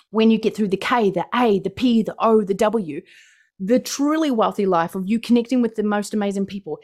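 A woman's voice: fairly high pitch, darkish tone. A woman from New Zealand with a New Zealand accent, giving an exuberant motivational presentation over a video call and repeating phrases for emphasis. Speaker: motivational speaker.

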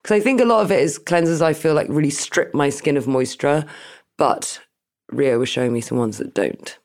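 A woman's voice: deep voice, moderate pace, darkish tone. A woman being interviewed, chatting casually and self-deprecatingly and laughing often. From Britain. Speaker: interview guest.

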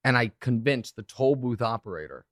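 A podcast host in his thirties tells a story with quick, lively asides. His voice is mid-pitched and sits close and dry on the mic. He talks in a relaxed, chatty way. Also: dry recording. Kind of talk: casual podcast chat.

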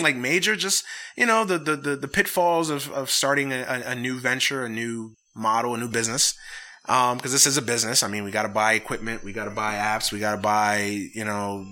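A man's voice: mid-range voice, bright, forceful tone. A man hosting a casual sports podcast, ranting with heavy swearing and then signing off with sincere thanks. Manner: profane, heated ranting. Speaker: podcast host.

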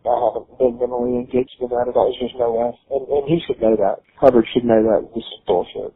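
A man's voice: mid-range voice, steady tone, fast, slightly rough. A young man on a recorded phone call, defensive and frustrated, swearing now and then. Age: young adult. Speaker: law student son on a phone call. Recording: tinny phone line.

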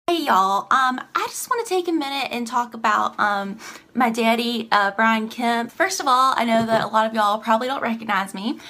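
A woman's voice: fairly high pitch, moderate pace, bright, forceful tone. Woman doing a sugary governor's daughter. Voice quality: sugary, ditzy, oblivious. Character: entitled southern governor's daughter, young mom, airheaded. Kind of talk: comedy sketch video.

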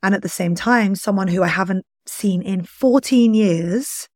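A woman's voice: medium pitch, a little slow, darkish tone, no echo, clean studio sound. A woman in her thirties hosting a solo podcast, speaking candidly and confessionally about her own life, with lots of "like". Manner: candid, confessional, heavy use of "like". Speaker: podcast host. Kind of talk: solo podcast, personal reflection.

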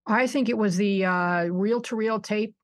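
At a measured pace and in a mid-range voice, a woman in her 60s from suburban Buffalo, New York, talks casually as an interview guest on a podcast. She's self-deprecating and quick to laugh.

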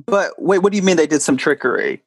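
A man hosts a casual podcast, his voice sitting a little high. He quizzes his guest in a playful, joking way. The sound is close and dry, with no room around it. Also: lively intonation, fast talker, husky, no room sound. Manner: playful, quizzing a guest with multiple-choice options. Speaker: podcast host. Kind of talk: casual chat.

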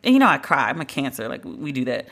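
A woman's voice: rumbling low, big pitch swings, quick pace, fairly bright tone. A woman hosting a solo podcast, talking in a blunt, emphatic, conversational way and drawing out the words she stresses. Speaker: podcast host.

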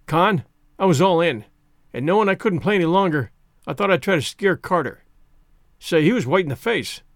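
A man voicing a gruff, aging male baseball captain who argues loudly and stubbornly in an audiobook reading. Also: sits high, expressive, moderate pace, no echo, clean studio sound. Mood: sly, gruff. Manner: blustering, indignant shouting.

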